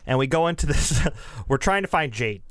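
A man's voice: medium pitch, expressive, moderate pace, dry recording, studio quality. A man on a casual podcast telling trip stories animatedly, with frequent fillers. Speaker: podcast co-host. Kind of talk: casual chat.

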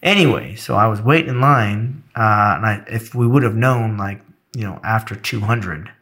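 A man's voice: lowish voice, normal speed, bright, forceful tone. A middle-aged man in casual chat, teasing and swearing as he tells stories. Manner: profane, storytelling, teasing.

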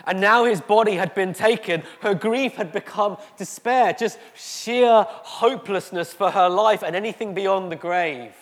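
Guy preaching in a church hall, kinda high voice, slow dramatic pauses, echo all around. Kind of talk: sermon. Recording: echoey hall.

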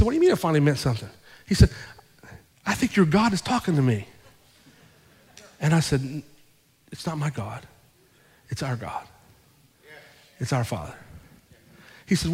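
Animated pastor preaching in a reverberant hall. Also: male voice, fairly high pitch, normal speed, pauses often, slightly rough. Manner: animated retelling with quoted dialogue. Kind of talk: sermon storytelling. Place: church sanctuary.

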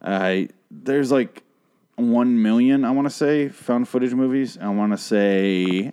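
A man's voice: mid-range voice, measured pace, mellow, smooth. A man casually recapping a TV show on his podcast, profane and rambling, with a dry voice. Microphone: podcast microphone.

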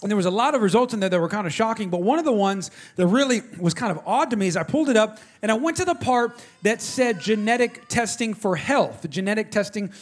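A middle-aged man, preaching a sermon in an animated, conversational way and talking directly to his congregation. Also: high voice, quick pace, hardly any pauses. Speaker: pastor. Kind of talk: sermon with personal storytelling.

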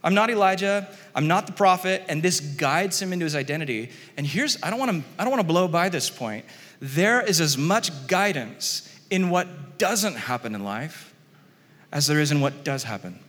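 A man preaching a sermon in a relaxed, conversational way, often chuckling and acting out the quotes he reads. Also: a little high, moderate pace. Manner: conversational, animated, laughs often, acts out quotes. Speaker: pastor. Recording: long hall reverb.

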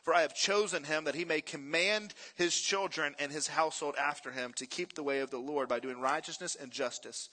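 A man's voice: fairly high pitch, a little fast, few pauses. A man preaching a sermon, telling stories with energy and asking the congregation questions. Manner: animated storytelling, asks the congregation questions. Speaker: pastor.

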